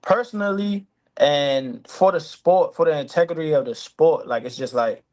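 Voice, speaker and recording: A man, a professional boxer, answering an interview in an earnest, measured, slightly aggrieved way. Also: fairly high pitch, a little mellow.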